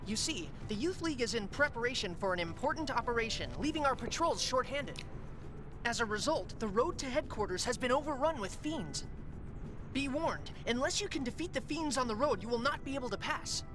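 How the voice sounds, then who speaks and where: A man's voice: very high voice, animated, fairly quick. An actor playing an earnest young male militia leader in a video game, speaking formally and eagerly. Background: game music.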